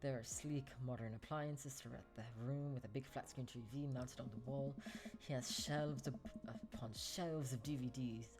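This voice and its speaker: Guy streamer reading a dating game out loud, playful, music going behind. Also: medium pitch, fairly even intonation, moderate pace, hardly any pauses.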